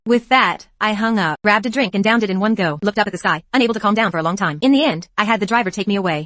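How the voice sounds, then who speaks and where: Woman reading motion comic narration, quick and dry, plain even delivery. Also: mid-range voice, no echo. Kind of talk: scripted first-person narration of a motion comic dub.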